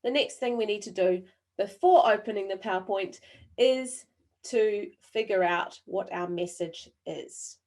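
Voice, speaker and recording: A woman with a New Zealand accent, worn smooth by years living abroad, leads an online training session over a video call. She speaks deliberately, with frequent pauses and fillers, and keeps the audience involved by asking them questions in the chat. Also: medium pitch, a little mellow. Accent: New Zealand, softened by years abroad. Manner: engaging, quizzes the audience through the chat. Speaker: webinar presenter.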